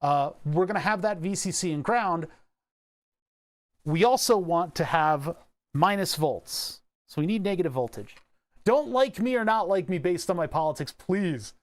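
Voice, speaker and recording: A man's voice: high-pitched, expressive, moderate pace. A man with a slightly raised voice chats casually on a livestream while working on electronics. He rambles between technical talk and tangents, with profanity and laughing asides.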